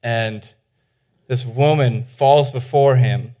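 Animated man preaching a sermon. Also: mid-range voice, slow. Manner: animated retelling, acting out the voices in the stories; informal, with many "like"s and restarts. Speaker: pastor.

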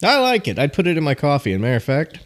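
A man's voice: fairly high pitch, huge pitch swings, very fast. A man co-hosting a casual podcast, joking and teasing his wife. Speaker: podcast co-host. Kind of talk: casual chat.

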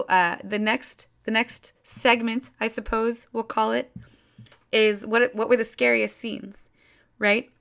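A woman's voice: medium pitch, gravelly, fairly bright tone. A woman giving a casual, rambling movie review, full of restarts and fillers and openly emotional about the scenes.

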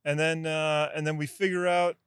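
A young man hosting a podcast, telling a story in an animated, profane way with bursts of excitement. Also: a little high, normal speed, clean tone, no room sound, studio quality. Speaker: podcast host. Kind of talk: casual storytelling.

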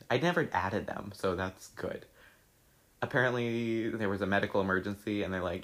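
In a casual chat, a young man with a voice on the low side talks a little fast. Reading his old social media posts aloud, he laughs, swears, and reacts excitably.

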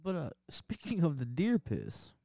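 A man chatting casually, reacting with short remarks and quick laughs. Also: a little high, wildly swooping pitch, gravelly, warm tone, no echo, clean studio sound. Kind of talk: casual chat.

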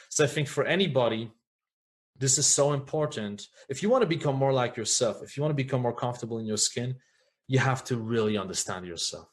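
A man's voice: medium pitch, a little fast. A man speaking as a podcast guest, earnest and reflective, often checking in with "right?" as he talks. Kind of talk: candid podcast conversation.

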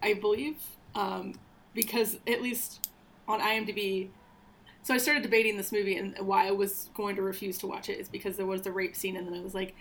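A woman's voice: medium pitch, steady tone, fairly quick, a little hiss or hum. A woman chatting casually about films and TV, laughing often and dropping to a whisper for asides.

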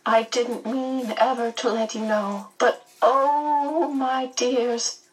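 A woman voicing a sorrowful, motherly star-being who speaks softly and tenderly. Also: on the high side, fairly even intonation, takes it slowly, distant mic, voice pushed up, rough recording. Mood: sad, tender. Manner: soft, sad and tender.

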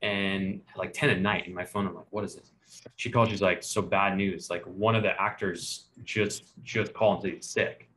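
A man's voice: deep voice, steady tone, normal speed, fairly bright tone. A male podcast host spins a story in loose, easy conversation. He jumps into the voices of people he quotes and laughs at his own embarrassment along the way. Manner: laughs often, self-deprecating. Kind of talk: casual storytelling chat.

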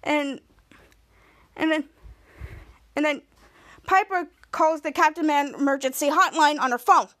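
A woman's voice: high voice, unhurried, long pauses, a bit bright, dry recording. A woman podcast host giving a casual, rambling recap of a show episode, stringing events together with "and then".

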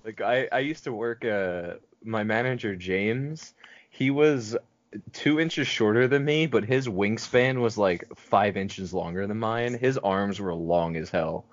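A man's voice: fairly low pitch, measured pace, no room sound. A young man chatting casually with friends, joking and laughing easily. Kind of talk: casual chat. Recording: muffled dry sound.

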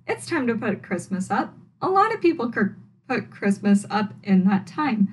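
A young woman hosting a casual solo podcast at home, recapping a TV episode in a chatty, animated way with wry asides. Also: on the high side, normal speed, slightly rough, poor audio. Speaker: podcast host reviewing a TV episode. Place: at home, indoors.

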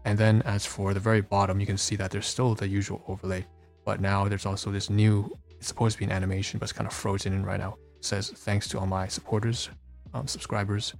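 A man with a deep, gravelly voice gives a casual walkthrough of his streaming setup. His delivery stays flat and halting as he stops, restarts and corrects himself. He sounds stressed and a little detached, with faint music playing behind him. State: stressed, feeling dissociated. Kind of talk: casual screen-share walkthrough.

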